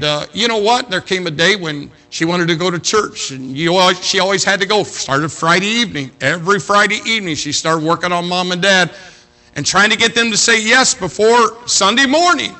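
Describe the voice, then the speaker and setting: Bright-voiced preacher man telling a story. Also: on the high side. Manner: dramatic storytelling, swings between loud appeals and hushed retelling. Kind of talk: sermon.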